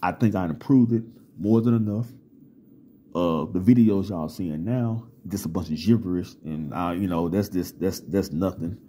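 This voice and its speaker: A man's voice: sits low, normal speed, dark tone, a little hiss or hum. A man talking casually to camera in a profane, streetwise, lecturing way, telling stories and giving advice. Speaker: vlogger.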